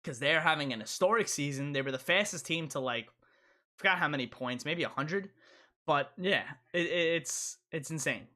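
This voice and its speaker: A man's voice: a little high, normal speed, pushed and bright. A young man hosting a casual live stream, rambling and repeating himself as he answers chat.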